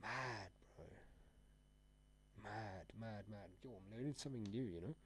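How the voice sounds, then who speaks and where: A man's voice: lowish voice, measured pace, a little hiss or hum. Laid-back streamer guy. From South Africa. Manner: laid-back, rambling, slangy, laughs often. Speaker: trading livestreamer. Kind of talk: casual live-stream chat.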